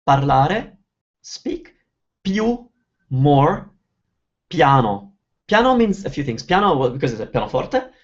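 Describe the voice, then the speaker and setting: A man's voice: fairly high pitch, very animated, slow, pauses often, lo-fi sound. A man from Italy, hosting a live online Q&A lesson and chatting as he explains phrases one by one. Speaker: Italian teacher hosting a webinar.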